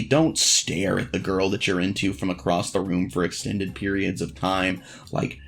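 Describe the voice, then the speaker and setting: A man's voice: lowish voice, a bit bright. A man vlogging frank dating advice in a blunt, profane, self-deprecating casual monologue.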